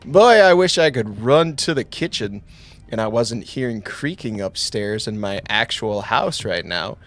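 A man's voice: fairly low pitch, expressive, measured pace. A man hosting a let's play, commenting on a horror game from home, joking and jumpy, yelping and laughing at the scares.

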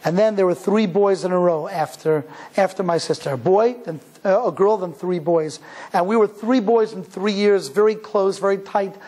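A man's voice: sits high, normal speed, a little mellow. A man from Cleveland, Ohio, a rabbi telling a personal story in a sermon, speaking in an emphatic, earnest way and repeating phrases for emphasis. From Cleveland, Ohio, USA.

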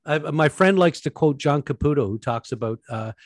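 A man hosting a podcast interview, chatty and animated as he tells stories and asks questions. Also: a little high, moderate pace, no room sound, studio quality. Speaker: podcast host. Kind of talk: casual interview.

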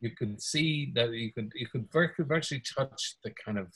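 A man's voice: medium pitch, moderate pace, fairly bright tone, rough recording. Older Irish man telling anecdotes. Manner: anecdotal, chuckles often, mimics voices in stories. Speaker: music producer guest. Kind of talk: casual reminiscing interview.

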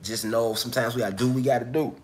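A man's voice: mid-range voice, fairly even intonation, rapid-fire, heavy background noise. A man hosting a casual livestream, coughing as he recovers from an illness, talking loosely and profanely straight to his viewers. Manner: loose, profane, chatty, addresses viewers directly. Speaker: livestream host.

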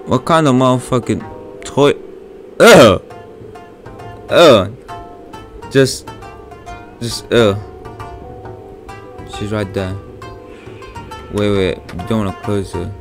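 Swearing young man yelling through a horror game. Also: fairly low pitch, slow, long pauses, soft background music. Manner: casual slangy, swears, panics and yells at scares. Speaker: gaming YouTuber. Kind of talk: horror game let's play.

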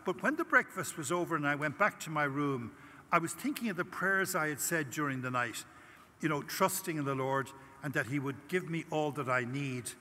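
A man's voice: a little high, moderate pace, sharp tone, a little hiss or hum. An older Irish priest giving a conference talk, telling a personal story and acting out his prayers with animation. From Ireland. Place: large conference hall. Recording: long hall reverb.

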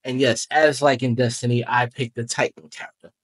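Young male gaming host, casual rambling review delivery, mid-pitched. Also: level tone, fairly quick, a bit bright. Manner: rambling, loose and chatty, with self-corrections. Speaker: gaming YouTuber.

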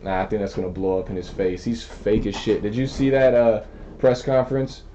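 Cracking open sports card packs, a card breaker jokes brashly and rapid-fire with a friend in casual chat. His fairly low voice is level and warm, the recording slightly dull with a little hiss or hum and faint music behind.

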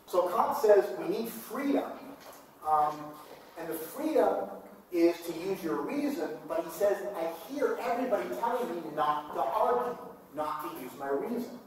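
A man's voice: a little high, animated, unhurried, a little hiss or hum. A middle-aged man giving a conversational university philosophy lecture, acting out quoted voices as he explains. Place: large lecture hall. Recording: echoey hall, mic far off.

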